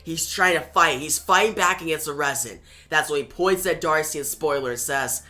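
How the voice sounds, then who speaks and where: A man casually retelling a comic story, excitable and eager. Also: fairly high pitch, normal speed, hardly any pauses. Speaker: comic reviewer.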